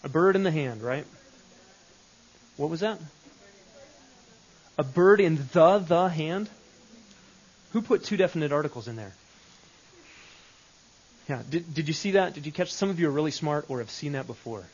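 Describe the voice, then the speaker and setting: A man's voice: fairly high pitch, animated, fairly quick, long pauses, husky. A man leading a live Bible study session, talking conversationally and repeating phrases with shifting emphasis. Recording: dull lo-fi recording.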